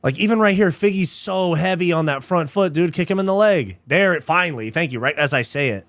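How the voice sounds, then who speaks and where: With a voice on the high side and a brisk delivery, a young host gives excitable live commentary on a fight. He's easily frustrated, swears offhandedly, and addresses people as "dude" and "bro," with no echo in the recording.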